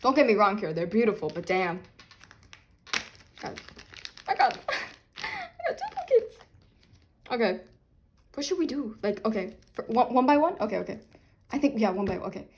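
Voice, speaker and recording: A young woman filming an unboxing vlog, talking loudly and dramatically, laughing and half-crying over what she gets. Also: mid-range voice, lively intonation, fairly quick, pauses often, a little hiss or hum. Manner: loud, chaotic, dramatic reactions with laughing and fake crying. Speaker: vlogger unboxing albums.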